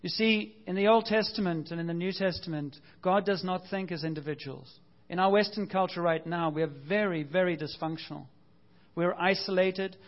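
A man's voice: sits high, normal speed, muffled recording. A man preaching a sermon as pastor, earnest and conversational, asking the congregation rhetorical questions.

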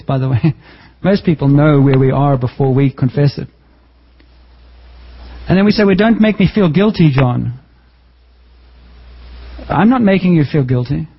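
A man preaches to his church in a husky, slightly raised voice. He jokes and jumps upward in pitch to drive points home. The recording is dull and lo-fi. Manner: lively, joking preaching with sudden pitch jumps. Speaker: pastor. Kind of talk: sermon.

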